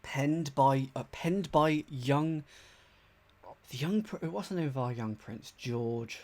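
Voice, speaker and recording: A man from England streaming live as he solves a crossword, thinking aloud in a chatty, animated way and greeting his viewers. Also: mid-range voice, slow.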